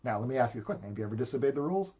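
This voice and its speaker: A man preaching a sermon as a pastor, animated, repeating words when he gets emphatic. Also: medium pitch, rapid-fire, slightly rough, lo-fi sound.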